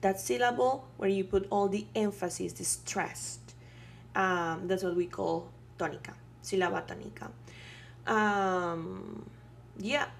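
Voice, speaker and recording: A woman teaching a beginner language lesson, patient and explanatory, checking in with "right?" and pausing on fillers. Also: mid-range voice, creaky, a little hiss or hum. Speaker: Spanish teacher.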